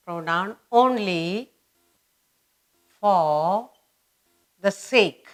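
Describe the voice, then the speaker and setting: Slow, deliberate woman teaching grammar. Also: medium pitch. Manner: repeats words and phrases slowly and deliberately for emphasis. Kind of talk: slow, repetitive grammar lesson for children.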